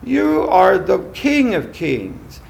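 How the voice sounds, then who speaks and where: A scheming, mocking male devil, as a preacher puts him on, swinging wildly in pitch and swelling loud. The voice has a gravelly, fried edge and the sly lure of a tempter in a sermon. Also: wildly swooping pitch, slow, exaggerated voice. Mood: grandiose.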